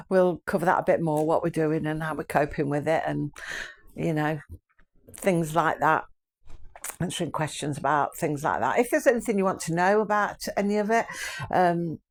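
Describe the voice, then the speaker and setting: Older woman, low-pitched voice, casual rambling chat, laughs often, channel host.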